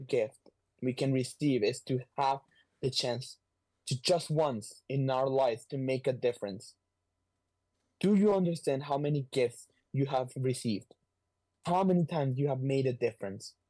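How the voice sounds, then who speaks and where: A man casually retelling a comic book story on a podcast, slipping into quick voices for the characters, swearing freely and clearing his throat often. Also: medium pitch, mellow.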